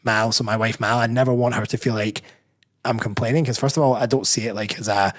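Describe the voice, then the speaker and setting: A man's voice: medium pitch, fairly even intonation, quick pace. Rambling Scottish man, thinking aloud. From Scotland. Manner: reflective, rambling, frequent self-corrections. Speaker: personal trainer and bodybuilder guest. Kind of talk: casual podcast interview.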